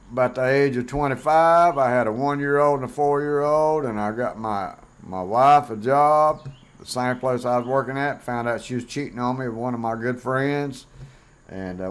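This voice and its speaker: A man's voice: medium pitch, clean tone. A middle-aged man talking bluntly and plainly in a casual vlog monologue, rambling with fillers. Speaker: vlogger host.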